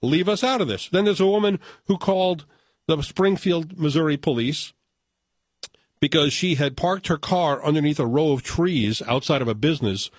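A man's voice: on the high side, moderate pace, dry recording. An older man hosting a radio show, telling stories in casual banter and chuckling as he puts on voices for callers. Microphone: studio microphone.

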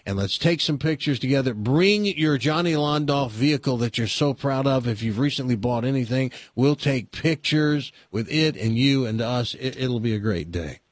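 A man's voice: medium pitch, lively intonation, normal speed, few pauses, no echo. A man hosting casual radio banter, jokey and playful. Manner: jokey, playful, rhymes quips. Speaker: radio host.

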